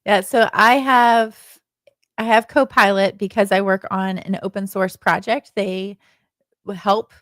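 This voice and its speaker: A woman's voice: mid-range voice, steady tone, unhurried, fairly bright tone, no echo. A woman co-hosting a podcast, chatting casually, laughing often and using lots of fillers. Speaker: podcast co-host. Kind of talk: casual chat.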